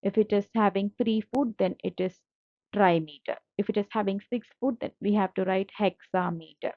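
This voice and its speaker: A woman's voice: mid-range voice, fairly even intonation, normal speed, no room sound. A woman teacher, explaining slides patiently and repeating points, with fillers. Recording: dull lo-fi dry audio.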